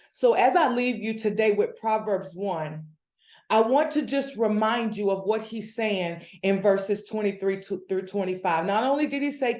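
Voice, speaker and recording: A woman giving a devotional Bible teaching, preaching with animated energy that builds in excitement. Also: mid-range voice, echoey room. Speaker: devotional speaker.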